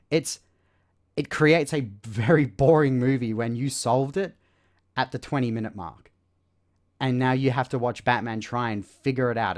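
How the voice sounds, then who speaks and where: Exasperated man giving a casual film review. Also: medium pitch. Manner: exasperated, sarcastic critique with many fillers.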